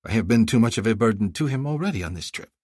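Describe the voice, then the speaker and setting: A man's voice: lowish voice, animated, fast, darkish tone, no echo, studio quality. A man voicing a polite, careful young girl bargaining respectfully.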